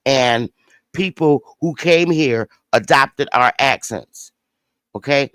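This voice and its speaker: A man's voice: medium pitch, slow pace, fairly bright tone, clean tone, dry recording. A man hosting a livestream, arguing his point in a heated casual debate, emphatic, slangy and repeating himself. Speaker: livestream host. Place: home studio.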